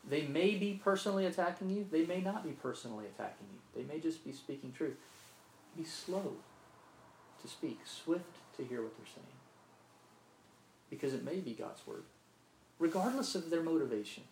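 A man's voice: on the high side, animated, moderate pace, vocal fry, long pauses, a little mellow, a little hiss or hum. A man from Mississippi preaching a sermon, earnest, often repeating himself and asking "right?". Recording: roomy echo, faint ambience.

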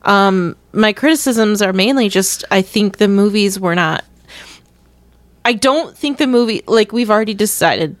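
A woman's voice: mid-range voice, animated, a little slow, no echo. A young woman co-hosting a casual podcast chat, giggly and teasing. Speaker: podcast co-host.

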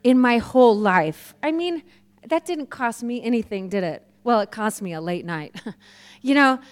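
A woman preaching a sermon, telling personal stories in a lively way and laughing often. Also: a little high, moderate pace. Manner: lively storytelling, laughs often, acts out quoted voices. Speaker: guest preacher.

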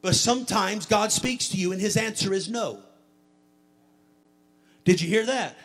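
A male pastor preaching a sermon and leading an altar prayer, swelling into a chanted, shouted preaching cadence. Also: high voice, measured pace, long pauses, faint music behind. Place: church sanctuary.

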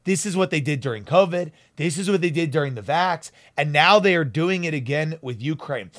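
Fiery, high-voiced male talk show host. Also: lively intonation, brisk, a bit bright, no echo, studio quality. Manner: fiery, emphatic, sarcastic. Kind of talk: heated political commentary.

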